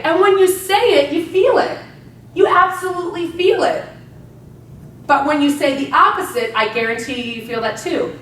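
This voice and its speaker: At a live motivational seminar, a woman speaks with a very high, animated, fairly bright voice at a moderate pace. She drives her points home energetically, often checking in with "right?". The audio is echoey and distant, with a faint hum behind it.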